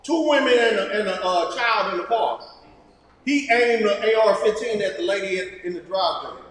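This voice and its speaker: A man in a study group retelling a news story with excitement. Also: sits high, normal speed, a little hiss or hum. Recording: very echoey hall with long reverb.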